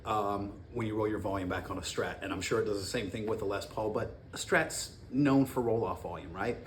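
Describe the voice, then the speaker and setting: Low-voiced dude rambling about guitar pedals at home, slangy, faint dishwasher going behind. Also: male voice, brisk. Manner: rambling, slangy, self-interrupting. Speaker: guitar gear vlogger. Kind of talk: casual pedal demo talk. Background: faint dishwasher noise.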